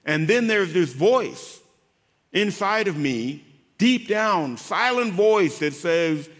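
A man giving an emotional faith testimony as an interview guest, speaking haltingly and repeating words as he goes. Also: high-pitched, animated, a bit bright, in a large hall. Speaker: guest, former pro football player.

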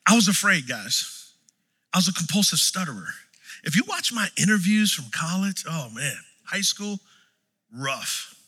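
Animated male preacher in a reverberant hall. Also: high voice, measured pace, breathy edge. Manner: animated, storytelling, swings from shouts to quiet. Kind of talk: sermon.

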